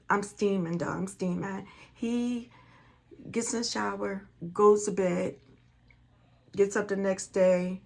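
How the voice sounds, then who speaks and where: Middle-aged woman, gravelly voice, casual storyteller who repeats herself and acts out dialogue. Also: medium pitch. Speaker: vlogger.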